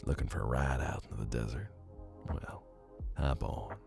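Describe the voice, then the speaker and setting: A man voicing a laid-back male cowboy dragon who offers a ride, talking in a low, easy drawl. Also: normal speed, vocal fry, a little mellow, faint music behind, heavily acted. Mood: easygoing.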